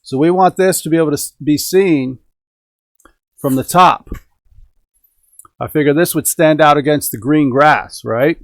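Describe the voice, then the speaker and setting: A man's voice: a little high, measured pace, pauses often, dry recording. A middle-aged man hosting a hobby live stream from home, chatting casually and upbeat with viewers and the chat. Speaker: host of a radio-control hobby live stream. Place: home indoors.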